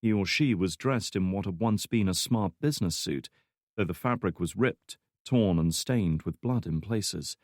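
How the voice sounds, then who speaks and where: A man narrating a thriller audiobook in a measured, even storytelling manner. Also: low-pitched, dry recording, clean studio sound. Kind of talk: scripted narration.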